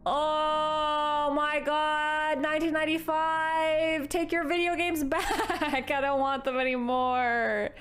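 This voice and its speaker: A woman's voice: sits high, slow, hardly any pauses. A chatty young woman from Canada streaming a video game live, talking to her chat and giggling. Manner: chatty, giggly, bursts into excited squeals.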